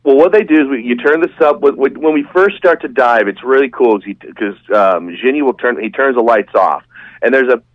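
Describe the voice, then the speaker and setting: A man's voice: mid-range voice, a little fast, no echo. Man, enthusiastic storyteller, rambling, casual podcast guest, muffled dry audio. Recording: dull, dry, lo-fi sound.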